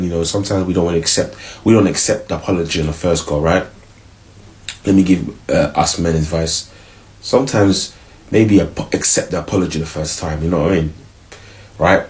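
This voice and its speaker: A man's voice: sits low, darkish tone. A man giving casual relationship advice, slangy and acting out both partners.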